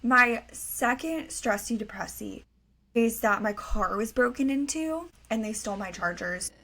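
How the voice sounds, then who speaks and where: A young woman co-hosting a podcast, chatting casually and telling animated stories, acting out what her family said. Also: a little high, a little slow. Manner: animated storyteller, acts out quoted family voices. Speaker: podcast co-host. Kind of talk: casual chat.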